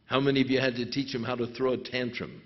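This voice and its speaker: A man preaching a sermon to a congregation, slow and deliberate, with sudden emphatic rises. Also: medium pitch, flat delivery, slight background noise. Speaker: pastor. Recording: dull lo-fi recording.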